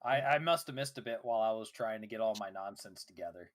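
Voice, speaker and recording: A man's voice: fairly low pitch, expressive, fast. A man playing a tabletop game, chatting loosely and joking, with casual swearing. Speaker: player.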